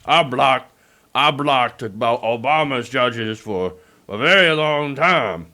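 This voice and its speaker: A man's voice: mid-range voice, animated, slow, bright, forceful tone. A man doing a mocking impression of a smug, gloating older male politician.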